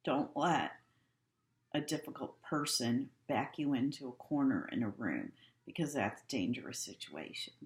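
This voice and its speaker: A woman giving a calm, instructive training talk to staff and repeating her key points. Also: rumbling low, moderate pace. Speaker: healthcare trainer. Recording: echoey room.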